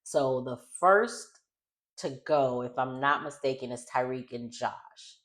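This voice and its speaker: A woman talks through a reality show episode in a loose, chatty recap. Her voice sits very low for a woman, and she rambles and corrects herself as she goes. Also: takes it slowly. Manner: chatty, rambling, self-correcting, laughs often. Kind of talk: casual recap chat.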